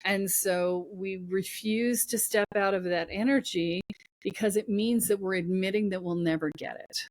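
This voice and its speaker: A woman at a middle pitch gives blunt, emphatic advice as a podcast guest, often in short punchy commands. Her voice comes across dry and close, with no room sound around it. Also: steady tone, normal speed, a little mellow, dry recording. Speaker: guest spiritual coach. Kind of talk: podcast conversation.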